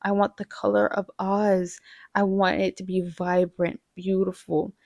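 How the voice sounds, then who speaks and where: A woman's voice: mid-range voice, little pitch movement, measured pace, gravelly, a little mellow, dry recording, clean studio sound. A young woman from the Midwest gives a chatty, gushing movie review and laughs now and then. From American Midwest. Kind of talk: casual movie review chat.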